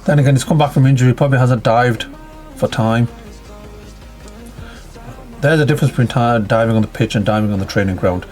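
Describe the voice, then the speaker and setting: A man's voice: mid-range voice, fairly quick, long pauses, darkish tone, soft background music. A man giving casual, chatty commentary on a football management game, reacting to each play and calling out his players.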